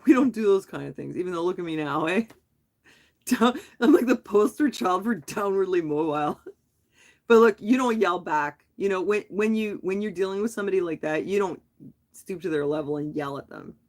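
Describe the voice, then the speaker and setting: Woman, live-stream vlogger, casual chat, rambling, animated, restarts her sentences. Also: lowish voice, moderate pace.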